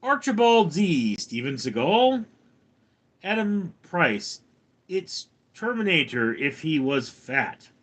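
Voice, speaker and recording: A man live-streaming from home, reading chat comments and answering in a dry, deadpan way. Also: on the high side, slow pace.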